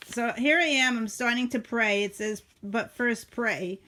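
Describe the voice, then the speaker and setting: A woman's voice: on the high side, unhurried, bright, forceful tone. Chatty middle-aged woman. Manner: chatty, rambling, many fillers and restarts. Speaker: journaling vlogger. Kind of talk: casual journal flip-through.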